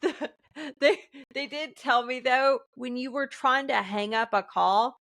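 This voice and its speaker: A woman with a bright, slightly high voice co-hosts a casual talk show. She tells work stories in an animated way, laughs often, and slips into imitations of the people she quotes. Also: a little slow. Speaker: podcast co-host. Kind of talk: casual chat.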